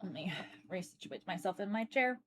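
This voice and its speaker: A woman's voice: mid-range voice, expressive, moderate pace, background noise. A woman streamer chatting casually with her viewers in a chatty, dry and matter-of-fact way. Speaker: livestreamer. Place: seated at a desk.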